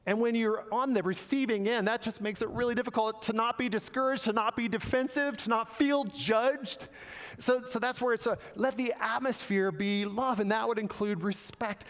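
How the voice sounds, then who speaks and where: A man preaching in a church sanctuary, his fairly high voice ringing out with a long reverb from the hall. He speaks earnestly and stumbles over repeated words as he hunts for the right phrase. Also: moderate pace. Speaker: pastor. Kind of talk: sermon.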